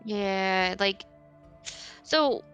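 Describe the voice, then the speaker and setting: A woman playing a tabletop game, chatty and quick to use fillers. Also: medium pitch, fairly bright tone, muffled recording, faint music behind. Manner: chatty, uses lots of fillers like 'like'. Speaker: player. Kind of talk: casual tabletop game chat.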